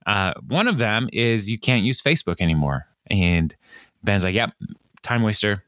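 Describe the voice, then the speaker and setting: A man's voice: on the low side, animated, normal speed, a bit bright, dry recording, studio quality. A man recapping a TV episode in casual chat, laughing often and acting out lines. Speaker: podcast co-host.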